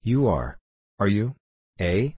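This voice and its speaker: A cold, sneering middle-aged diplomat, read by a man in a very low, husky voice. He talks down sharply and cynically. The sound is close and dry. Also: big pitch swings, slow pace, darkish tone, no room sound, heavily acted. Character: mocking, condescending middle-aged male diplomat.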